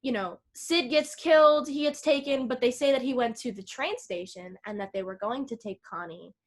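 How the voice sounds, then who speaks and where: A woman co-hosting a podcast, recapping a film in a rambling, excitable way, full of "like" and swearing. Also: on the high side, normal speed. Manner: rambling, filler-heavy, lots of "like"; profane, excitable retelling. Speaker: podcast co-host. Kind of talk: casual film recap chat.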